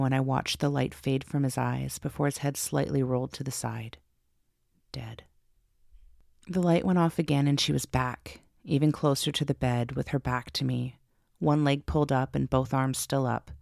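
Gravelly woman narrating a ghost story. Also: a bass voice, darkish tone, no echo, clean studio sound. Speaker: podcast narrator.

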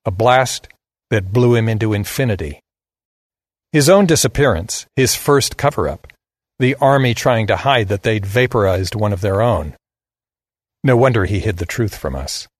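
A man narrates a story in a blunt, sardonic voice. His voice sits on the low side and he delivers the script plainly. The recording is dry and close, with no room echo. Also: expressive, normal speed.

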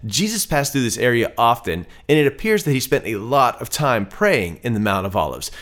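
Man, Bible teacher, steady explanatory reading, lively varied pitch. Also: brisk. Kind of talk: scripture reading and commentary.

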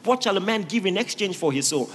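Male preacher, high animated voice; emphatic sermon delivery in a reverberant hall. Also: fast, husky. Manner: emphatic, rising to shouted exhortations. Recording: reverberant hall with faint ambience.

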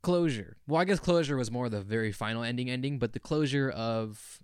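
A man's voice: medium pitch, brisk, clear, resonant tone, no room sound, clean studio sound. A young man co-hosting a podcast, talking in an earnest, rambling and emotional way. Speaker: podcast co-host. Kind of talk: casual chat.

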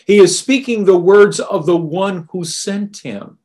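A man's voice: high voice, a little mellow. Guy giving a sermon, takes his time, leans hard on the big words. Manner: emphatic, deliberate preaching. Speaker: preacher.

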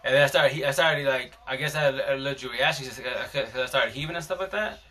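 A man's voice: mid-range voice, fast talker, pushed and bright. A man hosting a live stream, casually telling a long story in a rambling, slangy way with many restarts.

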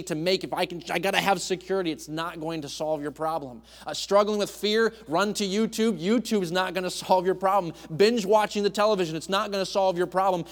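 Man preaching with surging emphasis. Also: on the high side. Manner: swings between hushed tender passages and loud emphatic ones; restarts and stumbles on words. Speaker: guest preacher. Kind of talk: sermon.

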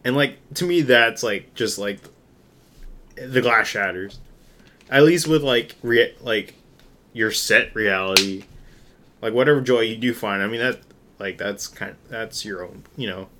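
A young man co-hosting a podcast, rambling casually with lots of fillers and a voice he can't keep quiet. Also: on the low side, unhurried, a little hiss or hum. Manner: rambling, filler-heavy, loud. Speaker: podcast co-host. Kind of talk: casual chat.

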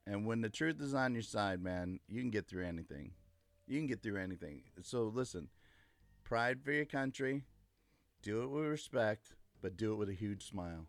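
Creaky, bright-voiced man ranting emphatically. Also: mid-range voice, no room sound. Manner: emphatic, repetitive, gloating. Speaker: livestream host. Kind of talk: casual political livestream rant.

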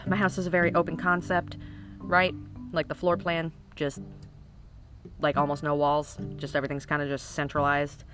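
A woman's voice: low voice, completely flat delivery, normal speed, pauses often, music in the background. A woman in her thirties telling comic stories about her kids in a casual, rambling, profane way. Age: 30s. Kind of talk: casual comic storytelling to camera.

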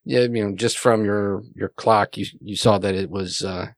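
A man's voice: on the low side, steady tone, normal speed, no room sound. A man narrating a tabletop game as game master, rambling with many fillers.

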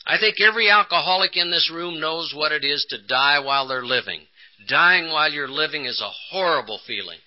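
A man with a fairly high voice gives a personal testimony at a conference, building to emphatic peaks and then pausing for effect. The recording is a dull, lo-fi 1980s tape. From Texas. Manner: storytelling with rising emphasis and dramatic pauses. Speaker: recovery conference speaker. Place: conference hall.

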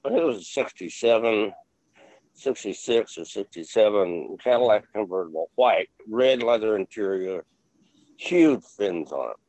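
A man's voice: fairly low pitch, expressive, moderate pace, darkish tone, dry recording, rough recording. An older man, an interview guest, telling rambling stories with lots of fillers and blunt swearing. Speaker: interview guest, former film crew member. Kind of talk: casual interview storytelling.

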